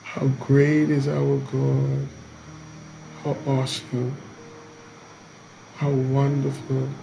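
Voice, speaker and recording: A man leading a morning devotion, preaching slowly and emphatically and repeating key lines. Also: medium pitch, completely flat delivery, creaky, noisy background.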